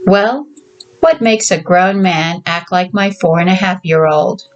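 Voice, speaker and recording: A woman's voice: fairly low pitch, a little slow, highs cut off, close to an everyday voice. A woman reading as a teasing young widow. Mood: wry. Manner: teasing, mock-patronizing.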